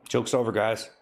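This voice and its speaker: A man with a fairly low voice, hosting a comedy live stream. He keeps scolding his chat over and over in a mock-stern tone. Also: vocal fry. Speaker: livestreamer.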